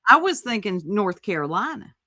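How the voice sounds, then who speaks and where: A woman's voice: mid-range voice, very animated, moderate pace, bright, forceful tone, dry recording, studio quality. A woman hosting a casual live-stream chat, chatty and drawling. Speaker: host.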